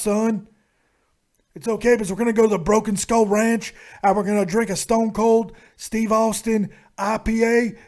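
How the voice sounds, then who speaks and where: Casting: brash cursing wrestler type, loud and blustery , put on by a man. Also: sits high.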